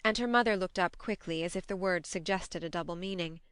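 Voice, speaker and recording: A woman narrating an audiobook in a measured, expressive reading. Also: lowish voice, clear, resonant tone, dry recording, studio quality. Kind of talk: scripted narration.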